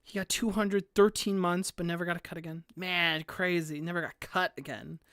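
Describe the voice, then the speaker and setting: A woman's voice: on the low side, fairly even intonation, moderate pace, a bit bright, no room sound. Rambling woman streamer, dry close sound. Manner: rambling, heavy use of "like" fillers, frequent laughter. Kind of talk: casual live-stream chat.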